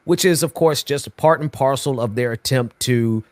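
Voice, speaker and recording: Man, political commentator, measured, emphatic, dry close sound. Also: medium pitch, no echo. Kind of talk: show commentary.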